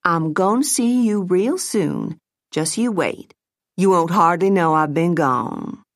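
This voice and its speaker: Woman doing an older Southern mother, Southern US accent, gentle drawl, soothing, dry. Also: lowish voice, expressive, slow pace, no echo.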